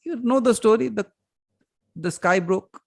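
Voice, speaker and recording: Man, fairly high voice, animated teaching, rhetorical questions. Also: measured pace, vocal fry. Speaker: spiritual teacher. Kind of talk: Q&A session on a video call.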